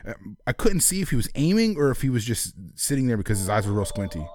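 A man's voice: medium pitch, very animated, fast talker, darkish tone. A man co-hosting a podcast, telling a story in casual chat, laughing and acting out the people he quotes. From Philadelphia area. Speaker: podcast co-host.

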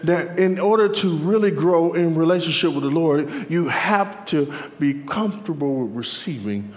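A man preaching a sermon, calling out to the congregation with "Amen?" and dropping from loud cries to soft murmurs. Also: expressive, moderate pace. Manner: call-and-response preaching, "Amen?" to the crowd; swings between soft murmurs and loud high shouts. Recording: long hall reverb.

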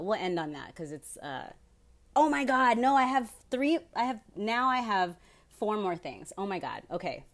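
Female solo podcast host, casual chatty delivery, slightly low voice, swears freely and keeps changing course mid-thought. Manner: rambling, profane, interrupts herself.

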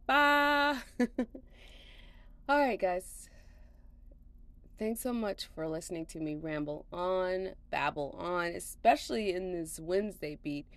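A woman's voice: fairly low pitch, a little mellow, no echo. A slightly tired woman hosting a podcast from home, rambling casually with lots of fillers and laughs. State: a little tired. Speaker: podcast host.

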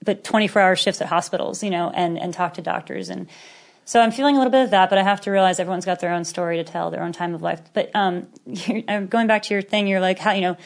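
Animated woman telling stories. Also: lowish voice, fast talker, gravelly. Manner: animated storyteller who acts out quotes, laughing often. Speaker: podcast guest. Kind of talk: casual podcast conversation.

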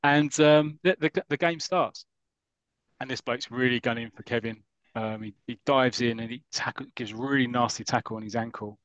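Guy on a podcast, chatty and rambling, dry sound, regular pitch. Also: steady tone, moderate pace, fairly bright tone, no echo, muffled recording. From United Kingdom. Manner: enthusiastic, rambling, acts out characters' lines. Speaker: podcast host. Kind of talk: casual chat, retelling a comic story.

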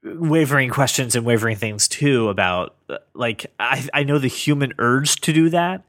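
This is an earnest man co-hosting a casual comics chat, circling back and restarting as he works through his thoughts. His voice sits at an ordinary middle pitch. It is recorded dry and close, with no room sound. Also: animated, normal speed, fairly bright tone, no room sound. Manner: earnest, thinks aloud with many restarts. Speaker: podcast co-host.

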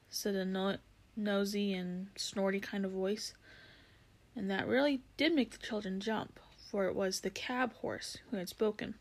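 A woman reading a storybook aloud, calm and measured. Her delivery is gentle and unhurried, with the odd small slip she corrects as she goes. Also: mid-range voice, vocal fry. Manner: measured, gentle, occasional slips. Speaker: reader.

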